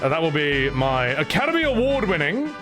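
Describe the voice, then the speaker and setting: A man's voice: a little high, sing-song, a little fast, music in the background. A man streaming a game playthrough, joking and mocking his own voice work. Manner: joking, self-deprecating. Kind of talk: casual gameplay commentary.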